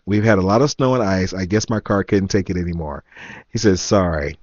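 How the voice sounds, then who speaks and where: An amused man recounts a story to his viewers in a relaxed, casual way, laughing now and then and reading messages aloud with wry emphasis. His voice sits low, and the sound is dry and a bit dull, like a lo-fi home recording. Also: a little fast, no room sound. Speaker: vlogger.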